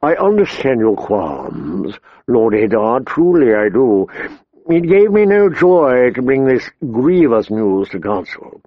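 A sly, oily courtier purrs his words softly and slowly, as a man puts him on for an audiobook. The voice sits close and dry on a slightly dull recording. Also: mid-range voice, very animated, dry recording, full character voice. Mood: ingratiating. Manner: soft, slow, ingratiating. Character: soft-handed oily male courtier, smooth and sly. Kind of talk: audiobook character voice.

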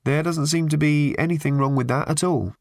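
A man voicing a mild, good-natured young man who talks gently and dryly. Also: on the high side, steady tone, a little fast, vocal fry, no echo, clean studio sound, pitched above the performer's own voice. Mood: gentle.

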